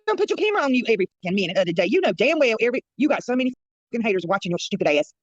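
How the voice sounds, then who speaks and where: A woman's voice: fairly high pitch, big pitch swings, very fast, no echo, dull audio. A woman drama commentator delivering a blunt, profane, scornful rant on a live stream.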